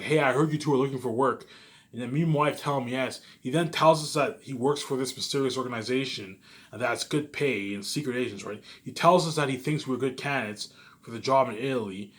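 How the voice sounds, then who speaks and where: A young man in a rambling casual monologue, boastful, swearing, repeating and restarting his phrases. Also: mid-range voice. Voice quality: repetitive, restarts phrases often. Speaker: vlogger pitching his movie ideas.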